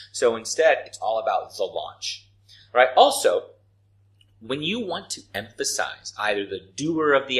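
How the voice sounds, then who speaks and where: A man's voice: on the low side, a bit bright, rough recording. A man teaching business writing, explaining grammar with worked examples and often checking in with "right?" and "okay?". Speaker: English teacher.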